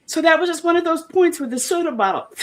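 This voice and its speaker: A woman being interviewed, talking earnestly in a halting way, with many restarts and homely comparisons. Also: very high-pitched, expressive, a little hiss or hum. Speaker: interview guest, former member of a church group. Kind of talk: casual conversational interview.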